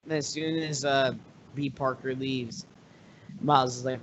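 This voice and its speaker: A man's voice: medium pitch, steady tone, measured pace, pauses often, slight background noise. A man from New York chatting about a movie, dropping wry, profane asides while his co-host recaps. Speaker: podcast co-host. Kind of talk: casual movie recap chat. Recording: dull lo-fi recording.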